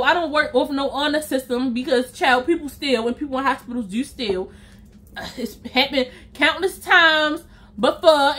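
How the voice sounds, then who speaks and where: A woman's voice: sits high, sharp tone. A young woman vlogger telling a story in a casual way, speaking straight to her viewers and acting out her own reactions.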